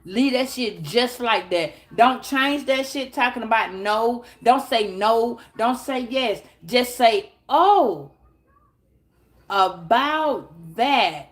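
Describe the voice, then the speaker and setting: A high-voiced woman talks straight into her phone. She gives tarot advice bluntly and with plenty of swearing. She keeps breaking into acted-out little scenes. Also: takes it slowly, hardly any pauses. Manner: blunt, profane, animated, acts out little scenes. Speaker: tarot reader. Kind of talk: casual advice monologue.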